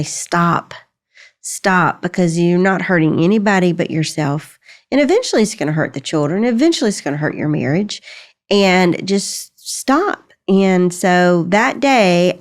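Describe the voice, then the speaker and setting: A middle-aged woman, hosting a podcast and telling a story in a candid, conversational way. She is animated, laughs often and acts out bits of dialogue. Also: fairly low pitch. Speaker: podcast host.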